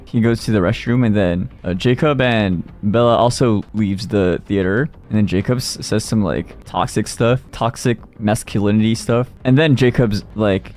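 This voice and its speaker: A man's voice: fairly low pitch, animated, moderate pace, few pauses, darkish tone. Rambling playful male streamer. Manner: rambling, playful, acting out quotes. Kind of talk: comedic casual recap.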